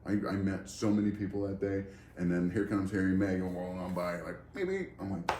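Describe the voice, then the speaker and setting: A man's voice: deep voice, level tone, fast talker, mellow. A man co-hosting a casual chat, talking in a laid-back, rambling, self-mocking way. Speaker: co-host. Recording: roomy garage with faint background noise.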